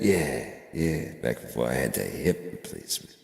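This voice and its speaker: A man's voice: a bass voice, lively intonation, a little slow, gravelly. A man rambling through a profane, sardonic monologue on his own channel. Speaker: vlogger. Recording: echoey room with long reverb.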